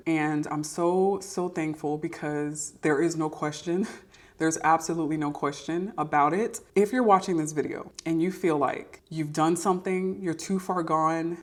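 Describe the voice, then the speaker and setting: A young adult woman sharing a personal faith testimony to camera, earnest and encouraging. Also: low-pitched. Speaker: podcast host sharing testimony. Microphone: camera mic.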